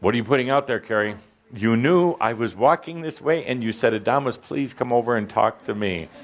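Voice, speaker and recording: A man's voice: mid-range voice, brisk. A man speaking as a channeled spiritual teacher, coaching an audience member in front of a live crowd in a hall, playful and provoking, with frequent stammered restarts, on a handheld microphone. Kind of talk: interactive workshop coaching.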